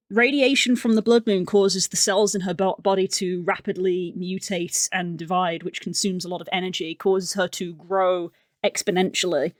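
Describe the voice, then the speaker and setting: An excitable woman chats loosely on a live art stream, drifting from one tangent to the next in an ordinary mid-height voice. She sits in a room at home, and her voice comes through dry and close with no room echo. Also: mid-range voice, normal speed. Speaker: livestreamer.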